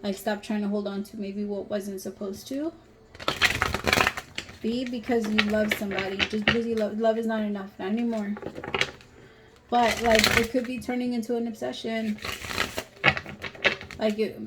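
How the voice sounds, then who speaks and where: A woman's voice: medium pitch, level tone, normal speed, pauses often, heavy background noise. A woman giving a casual tarot reading to camera, talking bluntly and emphatically and swearing freely. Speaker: tarot reader.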